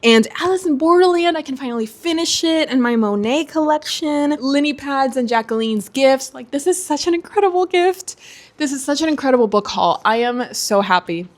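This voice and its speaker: A woman hosting a casual video, chatting in a gushing, excitable way. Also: sits high, normal speed. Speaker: booktuber host. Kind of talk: casual vlog chat.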